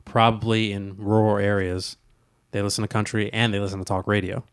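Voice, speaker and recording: A man's voice: lowish voice, flat delivery, brisk, clean tone, dry recording, studio quality. A man co-hosting a podcast in casual chat, asking questions with many fillers. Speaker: podcast co-host.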